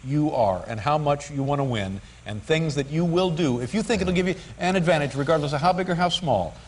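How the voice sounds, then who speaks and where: A man's voice: fairly high pitch, lively intonation, fairly quick, slight background noise. A male late-night talk show host interviewing his guest with short, joking replies. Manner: brief backchannel replies, joking. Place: television studio with audience. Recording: broadcast over loud studio audience.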